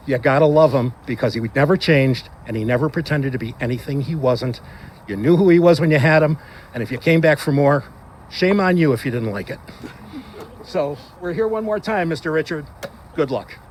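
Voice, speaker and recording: A man giving a eulogy for a close friend outdoors at a graveside, telling wry, animated anecdotes and acting out what others said. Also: on the high side, fairly quick, slight background noise. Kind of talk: graveside eulogy told as funny stories.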